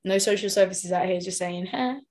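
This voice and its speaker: A woman's voice: mid-range voice, brisk, a little mellow. A woman in casual chat, talking animatedly and laughing often.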